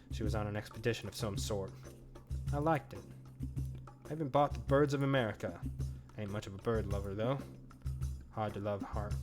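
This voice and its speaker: A man's voice: lowish voice, close to an everyday voice. A man reading aloud the narration of a weary, hard-bitten woman farmer from a game, in a dry, folksy way. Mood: wry. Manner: dry, world-weary, folksy drawl in phrasing.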